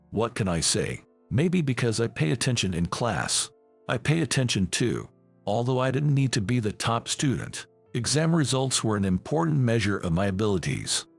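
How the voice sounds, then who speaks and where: Male narrator, gravelly and husky, animated pitch, calm measured delivery, soft music underneath. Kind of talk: first-person story narration. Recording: faint background music.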